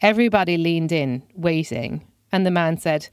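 A woman's voice: fairly low pitch, lively intonation, normal speed, clear, resonant tone, no room sound. A woman comedian telling a first-person comic story in a dry, self-deprecating way.

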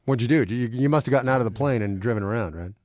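A man's voice: medium pitch, very fast, no echo. Male public radio host, casual questions with light stumbles, dry studio sound. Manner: relaxed, conversational questions with some hesitations. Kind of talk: radio interview hosting. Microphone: studio mic.

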